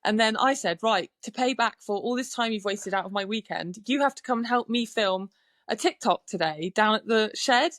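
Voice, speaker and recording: A woman guesting on a podcast, telling animated stories, swearing casually and acting out what people said. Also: mid-range voice, moderate pace, no echo. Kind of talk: casual storytelling chat. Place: podcast studio.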